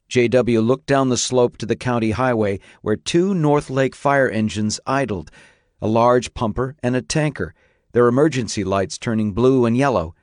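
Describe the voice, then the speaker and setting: A man reading an audiobook aloud in a steady, measured narrating style. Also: mid-range voice, dry recording, clean studio sound. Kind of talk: scripted narration.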